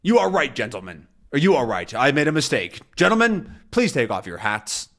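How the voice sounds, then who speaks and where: A man reading a comic aloud, voicing a gruff, irritable male sea captain who talks in a blustering, sarcastic way. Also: mid-range voice, big pitch swings, normal speed, a bit bright, pitched above the performer's own voice.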